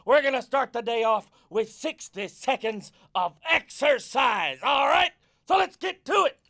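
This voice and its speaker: Brief: a goofy hyper coach, very high and gravelly, shouting pep talk at kids. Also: male voice, lively intonation, measured pace, heavily acted. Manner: loud, pep-talking, bossy and playful. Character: goofy hyper adult male sports coach. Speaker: fitness coach. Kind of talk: kids' educational video.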